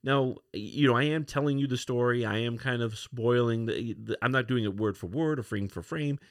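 A man's voice: mid-range voice, moderate pace, dry recording, studio quality. A man hosting a comic book review podcast, retelling a story in a conversational, rambling way. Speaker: podcast host.

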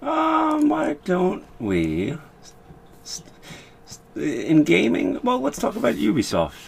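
A man's voice: high-pitched, wildly swooping pitch, slow, gravelly, husky. A man co-hosting a casual gaming podcast, giving blunt, dismissive opinions with stammered restarts. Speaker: podcast co-host.

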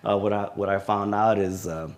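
A man being interviewed as a sheriff's deputy guest, telling a personal story in a halting way with many fillers. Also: lowish voice, steady tone. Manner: halting recounting with frequent fillers.

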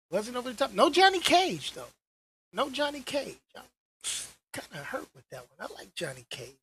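A woman's voice: a little high, creaky, bright, forceful tone, slight background noise. A young woman vlogger giving a casual, slangy movie-news rant. She repeats her phrases and drops in exasperated asides.

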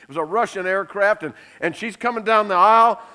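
A middle-aged man preaching a sermon, lively and emphatic, telling funny stories and laughing along. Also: high voice, brisk, clean tone. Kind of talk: sermon with humorous storytelling.

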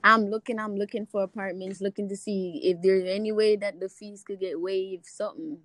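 Young jamaican woman giving a testimony, super expressive, does the voices, dry close sound. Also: medium pitch, normal speed, dry recording, rough recording. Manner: expressive, acts out voices, laughs easily. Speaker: guest sharing a testimony. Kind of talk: animated faith storytelling.

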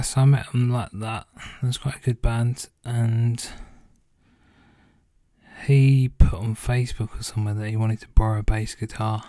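A young man with a lowish, mellow voice, recorded dry, hosts a casual solo podcast. Tired and yawning, he rambles in a laid-back way and swears freely while answering listener questions.

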